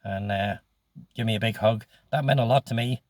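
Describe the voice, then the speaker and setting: A man's voice: fairly low pitch, fairly quick, no echo, clean studio sound. A man in his sixties telling his life story in a casual, rambling way, swearing freely with many ums. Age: 60s.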